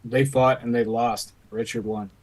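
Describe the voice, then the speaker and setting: A man's voice: mid-range voice, little pitch movement, unhurried, a little mellow. A man co-hosting a casual livestream, chiming in with short, agreeable remarks. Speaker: co-host.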